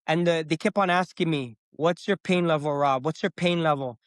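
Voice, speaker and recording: With no room sound and a moderate pace, a middle-aged man with a slightly high voice shares a personal story as a guest on a podcast. He's lively and casual, reenacting his own past words as he goes.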